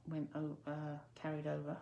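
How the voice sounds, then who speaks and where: A woman's voice: low-pitched, monotone, moderate pace, gravelly, mellow, reverberant, dull audio. A woman demonstrating card making in a chatty, self-correcting way, sometimes dropping to a near-whisper while she concentrates. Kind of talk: casual crafting tutorial.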